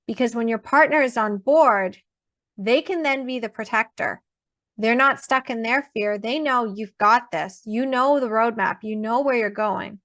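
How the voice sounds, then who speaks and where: A woman in her thirties gives a casual online class with a bright, fairly high voice. She talks emphatically and conversationally, often stopping to check in with her listeners. The sound is close and dry, with no room around it. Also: no echo. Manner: emphatic, conversational, acts out quoted people. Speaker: birth educator.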